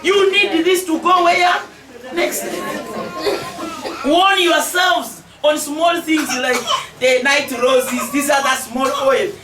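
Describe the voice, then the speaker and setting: A high-pitched Ugandan woman in her forties exhorting a crowd, her voice loud and animated with laughter. She is caught from a distance in an echoey space, with noise around her. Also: slow pace, music in the background. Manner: emphatic, exhorting, often raising her voice with laughter. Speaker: member of parliament. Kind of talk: public speech to a crowd.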